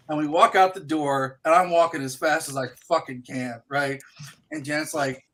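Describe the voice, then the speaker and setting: A man's voice: a little high, moderate pace, noisy background. A man co-hosting a casual podcast, rambling through a funny anecdote with swearing and quoted voices. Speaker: podcast co-host. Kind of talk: casual chat, storytelling.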